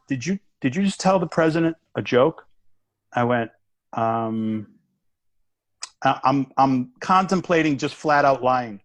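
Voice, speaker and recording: A man, a guest comedian, telling a story in a casual chat, animated and acting out the voices and the punchline. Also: medium pitch, no echo. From United States.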